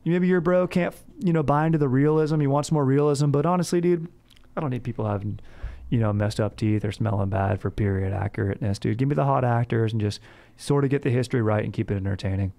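Gravelly young guy saying "dude" constantly. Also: mid-range voice, fast, mellow. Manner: bro slang, says "dude" constantly. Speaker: podcast host. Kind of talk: casual comedic chat.

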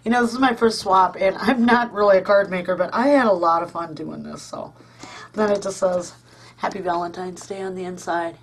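A woman's voice: fairly low pitch, fairly quick. Chatty woman gushing over craft mail. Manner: gushing, chatty, many ums and uhs. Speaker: crafting channel host. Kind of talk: casual chatty craft vlog.

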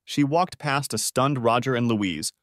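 A man narrating a dramatic first-person story in a lively storytelling manner. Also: medium pitch, a little slow, dry recording, studio quality.

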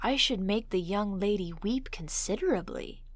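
A woman's voice: medium pitch, animated, moderate pace, no echo, lightly acted. A woman doing a wry male storyteller. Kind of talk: storybook reading.

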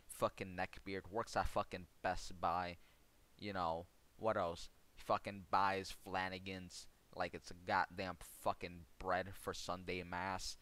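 A man's voice: deep voice, little pitch movement, takes it slowly, fairly bright tone. A young man streamer telling a sarcastic, heavily profane story about a gaming rival, mocking him throughout. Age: young adult. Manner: sarcastic, swears constantly.

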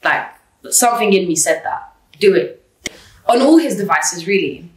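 A woman telling a personal story in an interview, blunt and animated, swearing freely. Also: on the low side, normal speed. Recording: roomy, distant mic.

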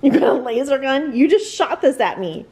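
Chatty, proud vlogger mom. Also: female voice, high voice, very animated, normal speed, a little mellow, slight background noise. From Seattle area, USA. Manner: chatty, proud, laughing often. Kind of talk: casual family vlog chat.

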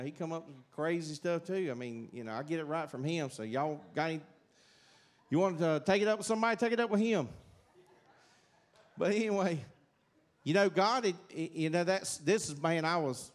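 A middle-aged man with a Southern accent, giving a rambling, folksy testimony in church. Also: a little high. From South Carolina, USA. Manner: rambling, folksy, many fillers and restarts. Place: church sanctuary.

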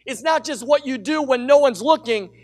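A middle-aged man preaching a sermon as pastor, telling a personal story with lively energy and urging the congregation to call out. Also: very high-pitched, moderate pace. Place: church sanctuary with a congregation.

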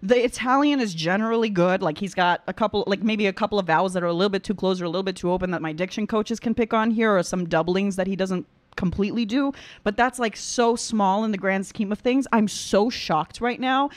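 A woman who is a trained opera singer giving excitable live reaction commentary, full of gasps and exclamations, then switching to calm vocal critique. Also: medium pitch, brisk, few pauses, no echo. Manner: excitable, gasping exclamations, many "like"s.

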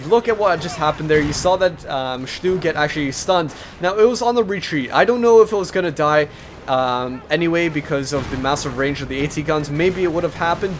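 A young man commenting on a strategy game replay, chatty and explanatory, with lots of filler words and sudden excited outbursts. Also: a little high, a little hiss or hum.

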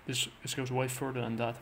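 A man casually recapping a comic book plot, halting and full of fillers and restarts. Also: mid-range voice, a bit bright, a little hiss or hum.

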